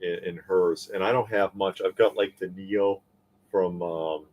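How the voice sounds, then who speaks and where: Low-voiced opinionated man on a live stream. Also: steady tone, measured pace, lo-fi sound. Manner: opinionated, rambling with fillers and restarts. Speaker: co-host of a live toy talk show. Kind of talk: casual live-stream chat reading viewer comments.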